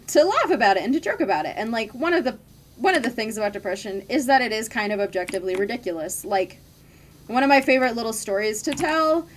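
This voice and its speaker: A woman's voice: fairly high pitch, slight background noise. A woman in her twenties chatting candidly while streaming a game, full of "like" fillers. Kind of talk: casual chat while gaming.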